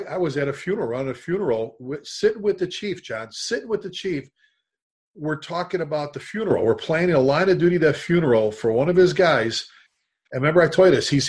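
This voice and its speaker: A man co-hosting a casual podcast, telling fire service stories in a rambling, halting way with many restarts. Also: medium pitch, husky.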